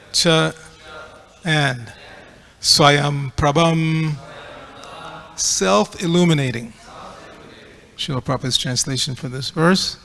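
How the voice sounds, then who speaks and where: A man's voice: on the high side, vocal fry, a bit bright, long reverb tail. A man giving a scripture class, reading aloud and correcting pronunciation in a teacherly way. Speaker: class speaker. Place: temple hall.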